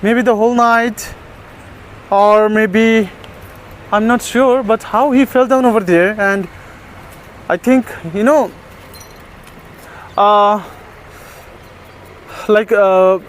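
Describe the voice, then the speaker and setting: A man narrating a casual vlog outdoors as he checks on stray dogs, talking to them softly and tenderly. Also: high voice, slow pace, long pauses, slight background noise. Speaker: vlogger caring for stray dogs. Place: outdoors, on a terrace.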